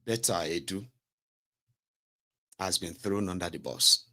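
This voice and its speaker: A Nigerian man giving casual, sarcastic political commentary in a rambling, animated way. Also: sits low, a little slow.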